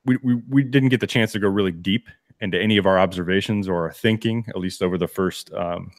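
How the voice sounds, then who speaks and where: A man with a deep, low voice co-hosts a casual sports podcast. He rambles and restarts a lot, with laughing asides. The sound is dry and close in a home studio. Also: fast, no room sound. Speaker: podcast co-host.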